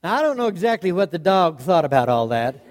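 High-voiced folksy male storyteller. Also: brisk. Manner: lively, animated, chuckling through the tale. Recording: long hall reverb.

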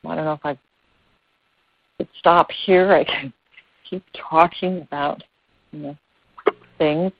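A woman's voice: low voice, steady tone, measured pace, gravelly, pauses often, dry recording. A woman yoga teacher giving an earnest, meandering talk over a video call, with many fillers. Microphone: phone on a video call. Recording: dry, tinny phone-like call audio.

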